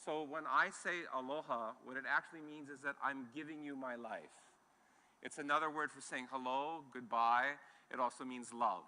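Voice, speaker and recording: A middle-aged man from Hawaii gives an enthusiastic keynote to a live audience on a conference stage, with some restarts. His mid-range voice is steady and sharp, at a moderate pace. The large hall adds long reverb, and there's a little hiss or hum.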